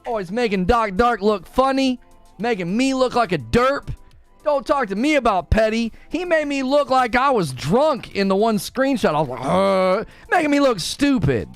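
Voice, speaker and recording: A young male gaming streamer from Northern Ohio chats with his live audience in a high, animated voice that swoops all over. He teases his chat and laughs a lot. The sound is close and dry, with faint music under it. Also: normal speed, no room sound.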